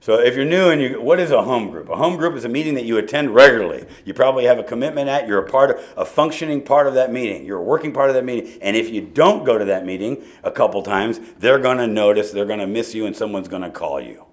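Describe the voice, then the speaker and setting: A man sharing his recovery story from a podium, swinging from low, quiet asides up to loud bursts. He tells it with jokes and acts out other people's lines. His pitch sits in an ordinary middle range. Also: fast, hardly any pauses. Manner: animated storytelling with laughs and quoted dialogue. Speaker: AA meeting speaker.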